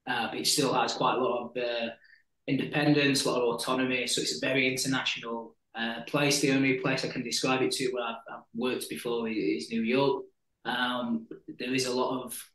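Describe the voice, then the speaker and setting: A man from Sheffield with a slight Yorkshire accent, chatting in a relaxed way as a football coach guest on a podcast, with frequent pauses. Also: medium pitch, roomy sound, low-quality recording. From Sheffield, England. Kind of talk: casual conversational interview. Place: at home in Hong Kong, evening. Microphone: remote podcast call.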